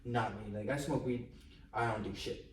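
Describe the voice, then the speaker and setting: A young man talks bluntly and teasingly, dropping slang as he goes, at a middle pitch. He sits back from the mic in a roomy space with a little noise in the background. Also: moderate pace. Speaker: podcast co-host. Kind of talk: casual chat. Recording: roomy echo, far from mic, faint noise.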